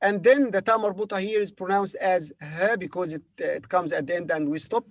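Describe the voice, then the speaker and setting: A man's voice: high-pitched, brisk, hardly any pauses, no echo. A man teaching a beginner language lesson, spelling each word letter by letter and repeating it several times. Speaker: Arabic teacher.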